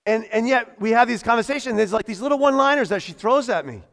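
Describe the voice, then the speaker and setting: Really high voiced guy preaching, lively, keeps laughing and doing voices. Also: fast talker, gravelly. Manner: animated, acts out voices, laughs often. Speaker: pastor. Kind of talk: sermon. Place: church.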